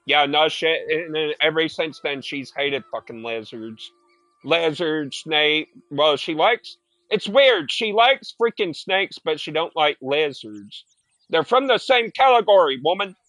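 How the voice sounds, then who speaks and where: A young man chatting while he plays a game. His voice sits a touch high, and he rambles through profane stories full of filler words. The sound is close and dry, with no room echo. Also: lively intonation, unhurried, fairly bright tone. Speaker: gaming streamer. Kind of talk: casual chat while gaming.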